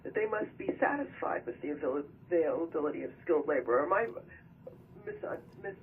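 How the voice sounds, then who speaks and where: A man's voice: on the high side, very animated, a little fast, slight background noise. Man on a tinny phone line, probing. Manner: probing, thinks aloud before asking. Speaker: reporter asking questions. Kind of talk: press conference questions by phone.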